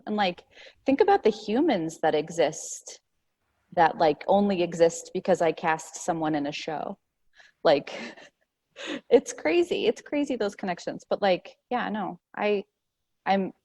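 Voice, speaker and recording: A woman hosting a casual panel chat over a video call, speaking earnestly and warmly about her cast, with many filler "likes". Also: on the low side. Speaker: casting director and show host.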